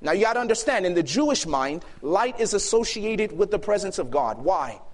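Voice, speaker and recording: Guy preaching, pretty high voice, gets loud then drops real quiet. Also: big pitch swings, brisk. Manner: emphatic, swings between loud and hushed. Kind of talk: sermon. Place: youth camp meeting hall.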